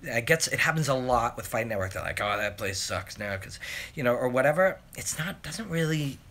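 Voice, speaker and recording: A man's voice: medium pitch, lively intonation, a little fast, a bit bright. A man in his forties hosting a live Q&A, rambling and self-deprecating as he reads questions out and answers them. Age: 40s. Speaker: host. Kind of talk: live Q&A chat. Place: home, live stream.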